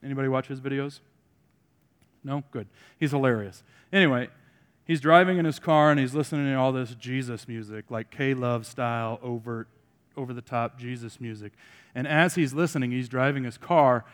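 Male pastor, sermon, wry jokes to the congregation, swings from loud emphasis to quiet asides, medium pitch, long hall reverb. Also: normal speed, clear, resonant tone.

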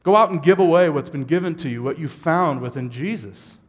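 A man's voice: fairly high pitch, expressive, a little fast, big-room sound. A man preaching a sermon as a pastor, moving from easygoing asides to fervent, rising exhortation. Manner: builds from conversational to impassioned shouting.

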